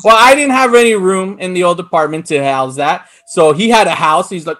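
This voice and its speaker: A man hosting a podcast, telling a story in a relaxed, casual way with easy swearing and frequent laughs. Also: sits high, a little fast, hardly any pauses, no echo, studio quality. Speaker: podcast host. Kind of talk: casual chat.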